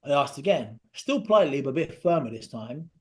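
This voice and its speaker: A man, a podcast guest telling a personal story in an earnest, halting way that often drops to a quiet voice. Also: fairly high pitch, big pitch swings, breathy edge. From Britain.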